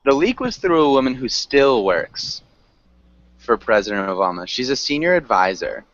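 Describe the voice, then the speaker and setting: A man's voice: mid-range voice, very animated, normal speed, a bit bright, dry recording, muffled recording. A man teaching an English class online, patiently correcting pronunciation with frequent ums.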